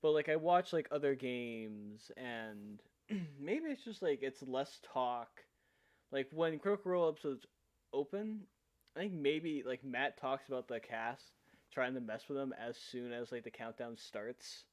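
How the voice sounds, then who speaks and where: A man's voice: mid-range voice, measured pace. A man hosting a casual podcast, talking in a meandering way with many fillers. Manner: meandering, hesitant, heavy on fillers. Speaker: podcast host and game master. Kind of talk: casual chat.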